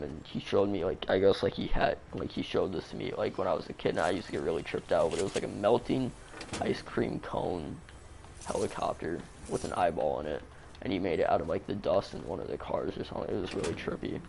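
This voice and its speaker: A man's voice: low voice, a little mellow, slight background noise. A man telling a story in a casual, rambling way, swearing a lot and using plenty of fillers. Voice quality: creaky. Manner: rambling, profane, full of fillers.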